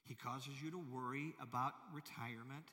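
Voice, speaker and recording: A man's voice: medium pitch, fairly even intonation, normal speed, bright, forceful tone. A male pastor preaching a sermon in a large church, emphatic and full of rhetorical questions to the congregation. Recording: long hall reverb.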